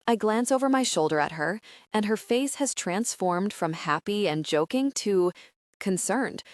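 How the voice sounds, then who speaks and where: A woman's voice: mid-range voice, animated, measured pace, no room sound, studio quality. A woman narrating a first-person romance audiobook in a wry, self-deprecating way.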